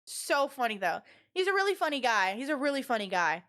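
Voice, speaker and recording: High-voiced, animated young woman streamer. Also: fairly quick. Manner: animated and rambling, full of "like" fillers; loud and expressive. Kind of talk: casual storytelling to a live chat.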